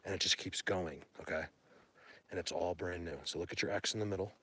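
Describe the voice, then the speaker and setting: Rambling excitable man streaming outdoors. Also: sits low, fairly quick, a little hiss or hum. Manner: rambling and excitable, chatting to viewers. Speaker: bigfoot-hunting livestreamer. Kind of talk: casual live stream chat. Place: outdoors in a mountain wilderness. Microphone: phone held by hand.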